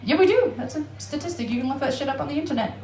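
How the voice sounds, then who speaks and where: Onstage at an Amsterdam comedy club, an Alaskan woman with an American accent races through a profane, self-mocking set. Her voice sits high and animated, with a roomy sound, and she's brash, tossing in laughing asides.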